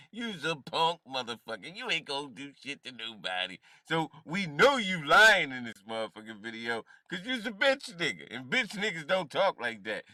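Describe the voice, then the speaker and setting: A man's voice: fairly high pitch, sharp tone, no echo, clean studio sound. A man hosting a stream, giving heated, profane reaction commentary with mocking laughter.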